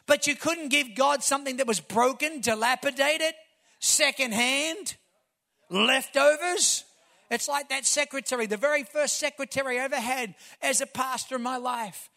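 A man, a pastor preaching a sermon, telling stories and building to shouted emphasis. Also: very high-pitched, normal speed.

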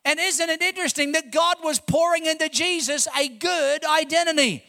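A man's voice: extremely high pitch, normal speed, vocal fry, few pauses, sharp tone. A male pastor preaching a sermon to his congregation in church, emphatic and fervent, often tossing rhetorical questions to the room.

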